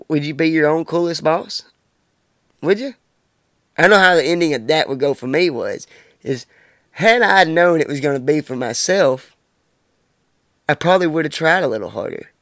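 A man's voice: fairly high pitch, a bit bright, dry recording, studio quality. A man in his twenties talking alone on his podcast, blunt and heavy on profanity, ranting about his life. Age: 20s. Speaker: podcast host. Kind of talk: casual monologue.

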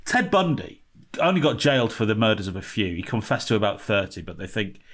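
A man's voice: on the low side, big pitch swings, a little fast, a bit bright. A man co-hosting a podcast in casual chat, joking and swearing as he riffs. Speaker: podcast co-host. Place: home in Los Angeles.

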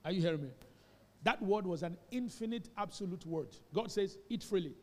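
Speaking a little fast in a high, expressive voice, this male pastor delivers an emphatic sermon. He asks the congregation to repeat after him, and his words echo through the church hall.

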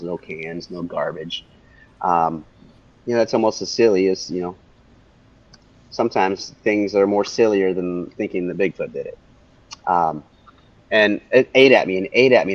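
Casting a lowish-voiced middle-aged man, excitable storyteller, muffled lo-fi sound. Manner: animated, repeats phrases for emphasis. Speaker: interview guest. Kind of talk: telling a personal story. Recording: dull lo-fi audio.

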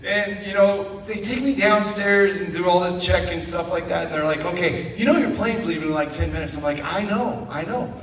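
High-voiced man telling stories in echoey church. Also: normal speed, few pauses. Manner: animated, self-mocking, acts out dialogue. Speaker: guest speaker at church. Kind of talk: storytelling testimony. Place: church sanctuary. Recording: echoey church hall from far off.

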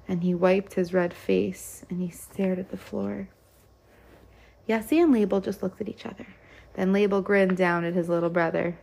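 A woman's voice: mid-range voice, fairly even intonation, moderate pace, vocal fry, darkish tone. A woman reading a rhyming children's picture book aloud in a lilting rhythm. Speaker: storyteller.

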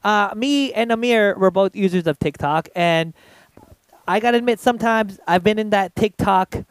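A man's voice: high voice, normal speed, clear, resonant tone, no room sound. A man co-hosting an improvised comedy stream, reading a news article in a laid-back way with some stumbles. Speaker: comedy show co-host.

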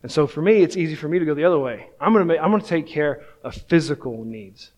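A man's voice: on the high side, fast talker, hardly any pauses. A man in his thirties, a pastor, preaching a sermon in a casual, self-deprecating storytelling way, often checking in with "right?".

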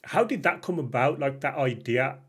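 A man's voice: mid-range voice, animated, normal speed, fairly bright tone, husky. A man with a Birmingham accent hosting a casual interview, chatty and jokey, encouraging his guest. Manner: chatty, jokey, encouraging with short backchannel replies. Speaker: interview host.

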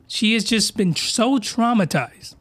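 Lively ranting man, dry close sound. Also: high-pitched, slow pace, slightly rough, no echo. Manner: excitable, slangy, rambling, mocking. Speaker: podcast host reviewing anime. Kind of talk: comedic rant.

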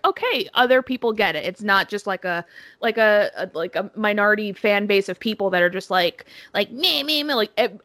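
A woman's voice: medium pitch, fairly bright tone. A woman co-hosting a casual podcast, talking in an opinionated, emphatic way and swearing freely. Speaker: podcast co-host. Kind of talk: casual chat.

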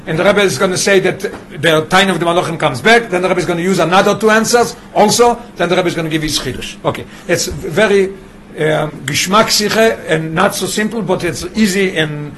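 High-voiced man teaching. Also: a bit bright, a little hiss or hum. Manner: mixes English with Yiddish and Hebrew terms, explains with examples. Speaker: Torah teacher. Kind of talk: classroom Torah lesson.

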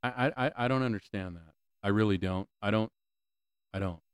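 Man ranting on a podcast, low smooth voice, dry close sound, swears a lot, stammers and repeats himself. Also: fairly quick, dry recording. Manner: profane, exasperated ranting with repeated questions; stammering restarts. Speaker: podcast host.

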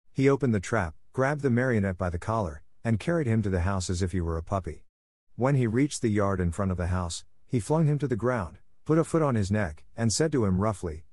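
A man with a low voice reads a children's classic aloud in scripted storybook narration. His delivery is steady and even, recorded close and dry with no room sound. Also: a little fast, no echo. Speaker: audiobook narrator.

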